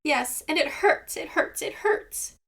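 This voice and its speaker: A woman's voice: steady tone, moderate pace, bright, forceful tone. A woman voicing a stingy male seagull who whines and squawks in pain, in a storybook read-aloud. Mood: whining pain. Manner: whining, high squawking cries.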